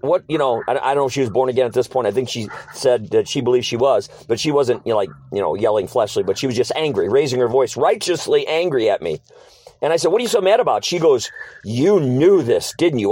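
On a dry recording, a middle-aged man with a mid-range, slightly mellow voice tells his life story as an interview guest. He's earnest yet casual, reenacting old conversations and repeating short phrases.

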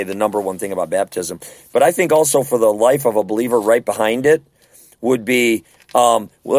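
A man's voice: mid-range voice, a little mellow, no room sound. Earnest man leading a Bible study. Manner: earnest, conversational, asks rhetorical questions. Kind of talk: casual Bible study discussion.

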